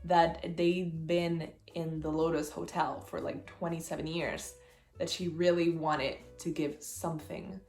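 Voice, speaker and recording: A young woman book vlogger talking casually about a novel, chatty and excitable. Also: deep voice, a little slow, faint music behind. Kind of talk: casual chat. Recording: roomy echo.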